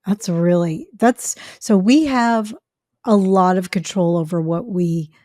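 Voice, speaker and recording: A woman's voice: on the low side, takes it slowly, warm tone, dry recording, clean studio sound. A woman hosting an interview, chatting openly and telling personal stories with quoted dialogue. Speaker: host. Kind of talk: conversational interview.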